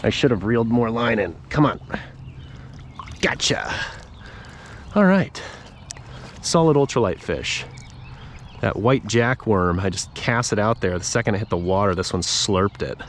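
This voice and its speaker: A man with a lowish voice gives relaxed play-by-play while fishing from a paddle board, chatting to the fish and his viewers as he goes. He is recorded outdoors on a small camera mic, with a faint outdoor hiss behind him. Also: measured pace, long pauses. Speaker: fishing vlogger. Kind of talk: casual running commentary while fishing.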